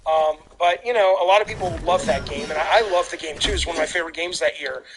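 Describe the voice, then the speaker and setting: A man hosting a call-in show, talking in an animated way with stammered restarts and playful jokes. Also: a little high, fast talker, over music, low-quality recording. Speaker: host taking calls. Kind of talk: casual call-in chat.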